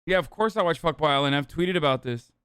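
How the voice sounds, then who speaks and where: A man's voice: on the high side, expressive, fast talker, fairly bright tone, clear, resonant tone, no room sound, studio quality. A man hosting a casual livestream reaction, joking, sarcastic and profane. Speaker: streamer host.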